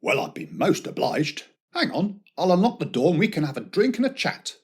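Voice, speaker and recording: A dim, fawning prison sergeant. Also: male voice, a little high, sing-song, fairly quick, noisy background. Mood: eager. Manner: barking orders, then fawning and polite. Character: dim English prison sergeant, male, eager to please. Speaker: prison guard. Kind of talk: comic audio drama acting.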